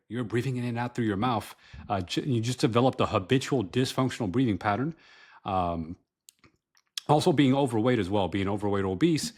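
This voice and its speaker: A man's voice: fairly low pitch, a little mellow. A man explaining running and breathing technique in a loose, conversational way, full of fillers and restarts. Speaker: running coach and health educator. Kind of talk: casual instructional talk to camera.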